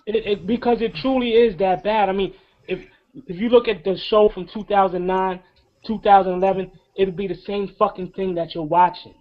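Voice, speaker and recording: A middle-aged man with a high voice rants with emphatic, profane passion, preaching at his listeners. The sound is dull and lo-fi. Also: steady tone, moderate pace. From New York. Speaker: co-host of a wrestling review show. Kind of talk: impassioned rant.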